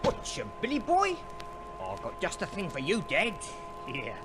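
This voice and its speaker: An actor playing a brash young fixer in an old radio play, cheeky and fast-talking with plenty of slang. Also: male voice, high voice, huge pitch swings, music in the background, exaggerated voice. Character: brash young Cockney fixer, bossy and breezy. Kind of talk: 1950s radio play acting.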